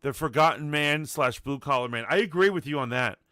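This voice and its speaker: A man co-hosting a casual political chat show, animated and joking, swearing freely. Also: fairly high pitch, a little fast, clean tone, no room sound, clean studio sound. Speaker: co-host.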